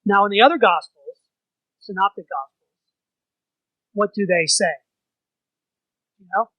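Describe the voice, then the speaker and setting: A man's voice: high voice, unhurried, no echo, lo-fi sound. A man leading an informal church Bible study, talking conversationally and putting questions to the group.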